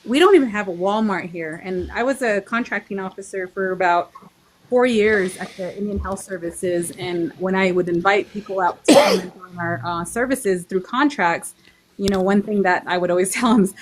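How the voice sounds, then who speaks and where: A woman's voice: mid-range voice, a little hiss or hum. Earnest forty-year-old woman from Arizona. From Navajo Nation, Arizona. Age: 40s. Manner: earnest, halting, with restarts. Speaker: guest. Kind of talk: casual chat.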